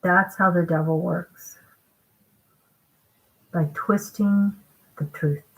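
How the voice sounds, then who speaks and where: A woman preaches through scripture in an unhurried, measured way, pressing each point home. Her voice sits on the low side. She keeps turning to her listeners with rhetorical questions as she works through the text. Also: steady tone, creaky, rough recording. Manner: emphatic, deliberate, with rhetorical check-ins. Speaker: online preacher. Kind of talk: sermon-style scripture commentary.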